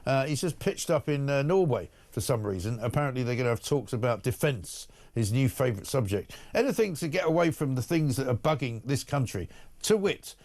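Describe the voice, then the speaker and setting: A male talk-show host who rattles along at a brisk clip. He reads out listener messages and passes sharp, indignant judgment on them. His voice sits at an ordinary pitch for a man. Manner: blunt, indignant, opinionated. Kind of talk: opinionated morning talk, reading listener messages.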